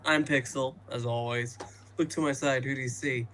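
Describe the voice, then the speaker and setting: A playful man hosting a casual live podcast, his voice bright and forward. He jokes and teases as he introduces his co-hosts, keeping things loose. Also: medium pitch, fairly even intonation, normal speed, a little hiss or hum. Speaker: podcast host.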